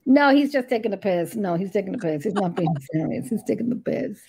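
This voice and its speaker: A woman's voice: mid-range voice, lively intonation, a little fast, vocal fry, warm tone, slightly rough. A woman with a southern Irish accent, chatting casually as a podcast co-host, laughing often and swearing lightly. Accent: Irish, from the south (Drogheda area). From Ireland. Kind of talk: casual chat.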